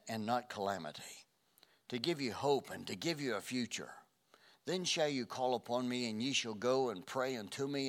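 An older man preaching a sermon, earnest, dropping to a hush and then rising loud. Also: mid-range voice. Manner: earnest, swings from hushed to loud. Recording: reverberant hall.

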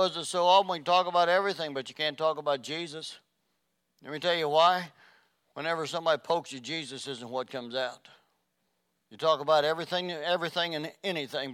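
A middle-aged male pastor preaching a sermon, swinging from loud exhortation to hushed, intense delivery. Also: mid-range voice, clean tone, no echo.

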